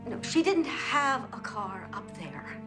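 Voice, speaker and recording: A woman's voice: a little high, sing-song, takes it slowly, over music. An actress in a TV drama playing a shocked, disbelieving mother hearing her daughter has died. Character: stunned grieving mother, middle-aged woman. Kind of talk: TV drama acting.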